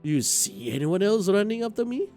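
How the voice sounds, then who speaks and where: A prickly teenage girl from a visual novel, curt and defensive, snapping back questions instead of answers, read aloud by a man. The pitch jumps around a lot, and faint music sits under the voice. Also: big pitch swings, a little fast, a little mellow. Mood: sulky.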